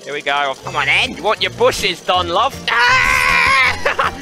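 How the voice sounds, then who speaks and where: A man giving playful commentary on a VR game, laughing often and yelling in the fights. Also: high-pitched, lively intonation, normal speed, loud music behind the voice, poor audio. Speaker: gaming YouTuber. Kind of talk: VR gameplay commentary.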